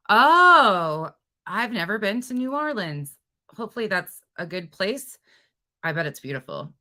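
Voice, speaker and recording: Bright-voiced woman hosting a chatty livestream. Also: lowish voice. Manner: chatty, greets viewers and reads their comments aloud; energetic and expressive. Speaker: true crime livestream host. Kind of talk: casual livestream chat.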